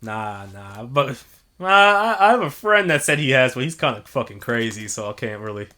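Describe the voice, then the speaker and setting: A man's voice: medium pitch, expressive, normal speed, sharp tone. A man co-hosting a podcast, talking loosely, laughing and swearing freely. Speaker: podcast co-host. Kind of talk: casual chat. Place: living in Japan.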